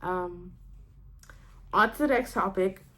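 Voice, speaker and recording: Rambling, animated young woman ranting. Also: mid-range voice, slow. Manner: animated, rambling, many "like" fillers and self-interruptions; laughs between phrases while ranting. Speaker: vlogger. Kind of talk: casual rant to camera.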